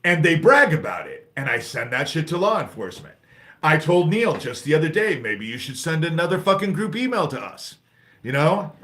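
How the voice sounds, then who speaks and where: A man's voice: fairly high pitch, big pitch swings, normal speed, a bit bright. A man hosting a livestream, angrily ranting with heavy swearing, jumping between topics and reading the chat aloud. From United States. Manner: angry, profane, jumps between topics and reads chat aloud. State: agitated. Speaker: livestream host.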